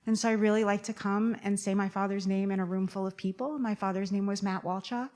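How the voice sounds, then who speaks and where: A woman's voice: medium pitch, fairly even intonation, a little mellow. Woman speaking up at a service. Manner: informal, with frequent "um" pauses. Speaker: congregant sharing a remembrance. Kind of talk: casual spoken remembrance.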